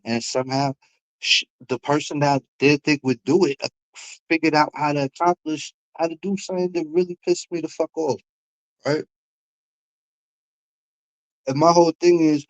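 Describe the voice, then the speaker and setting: A man's voice: a little high, a little mellow, low-quality recording. A young man with a New York accent, ranting bluntly and with profanity on his livestream about feeling disrespected. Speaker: livestream host. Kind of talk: heated livestream rant.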